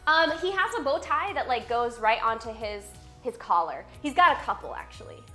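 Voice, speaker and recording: A woman's voice: fairly high pitch, sing-song, moderate pace, bright, forceful tone, soft background music. Bubbly woman chatting on a live stream. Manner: bubbly, playful, reads chat aloud and answers it. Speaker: fitness streamer and personal trainer. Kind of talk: casual live-stream chat.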